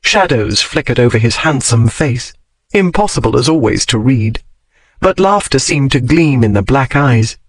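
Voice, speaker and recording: A man's voice: mid-range voice, expressive, moderate pace, no room sound, low-quality recording. Man narrating a romance audiobook.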